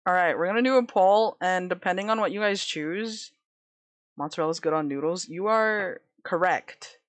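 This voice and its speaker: A woman's voice: fairly low pitch, normal speed, dry recording. A woman streaming live, chatting casually with viewers in a giggly, dramatic way, laughing often.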